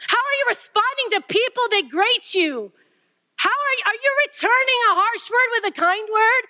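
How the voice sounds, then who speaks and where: A woman preaching a passionate, pleading sermon, swinging from loud appeals down to near whispers. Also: extremely high pitch, lively intonation, normal speed, dull audio.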